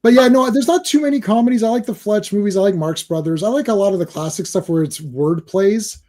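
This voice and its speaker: A man's voice: high-pitched, quick pace, a little mellow. A man in casual podcast chat, laughing often and acting out lines he quotes.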